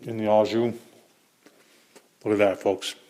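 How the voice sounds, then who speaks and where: A man's voice: fairly low pitch, little pitch movement, unhurried, warm tone. A middle-aged man hosting his own cooking videos, talking in a folksy, chatty way and calling his viewers folks. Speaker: cooking channel host. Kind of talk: casual cooking demo to camera.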